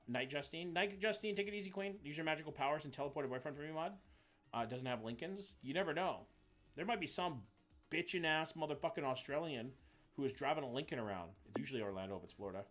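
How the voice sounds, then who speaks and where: A man chats loosely through a live game stream, reasoning out loud and cursing now and then. He keeps breaking off to greet his viewers by name. Soft music plays faintly behind him. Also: mid-range voice, fast talker. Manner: chatty, thinks aloud, swears, greets viewers. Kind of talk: casual live-stream chat while playing.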